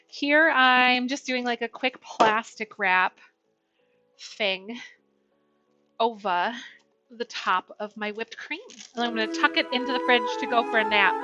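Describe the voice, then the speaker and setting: A woman's voice: fairly high pitch, animated, a little slow, pushed and bright. A woman streamer chatting casually while baking in her home kitchen, bubbly and greeting her viewers by name. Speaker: Twitch streamer. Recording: slightly dull lo-fi stream audio, faint music.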